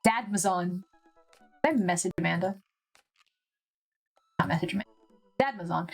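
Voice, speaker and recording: A woman streamer chatting casually and reading game text aloud, with lively asides and the odd casual swear. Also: fairly low pitch, normal speed, gravelly, pauses often, slightly rough, faint music behind.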